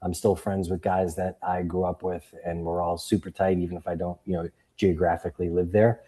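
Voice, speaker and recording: Deep, brisk, and edged with breathiness, the voice comes from a Boston man in his fifties who's a guest author and coach. Telling stories in a casual interview, he animates them by imitating the people he quotes.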